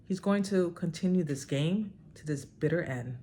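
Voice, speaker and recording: A deep-voiced woman reads a book aloud in a dramatic way and stops now and then for emphatic comments of her own. Her voice often jumps high when she stresses a point. There is a faint hiss under the recording. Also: normal speed, dark tone. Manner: emphatic, with sudden high outbursts. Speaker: vlogger reading a book aloud.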